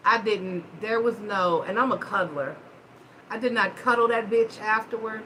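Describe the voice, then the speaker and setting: A woman hosting a live-stream chat, telling stories in a blunt, profane, animated way. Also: medium pitch, measured pace, long pauses, slight background noise, poor audio. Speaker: host.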